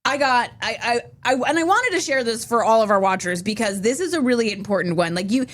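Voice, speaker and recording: A woman's voice: fairly high pitch, animated, fairly quick. A young adult woman co-hosting a podcast, telling a story in casual chat, full of fillers and restarts. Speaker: podcast co-host.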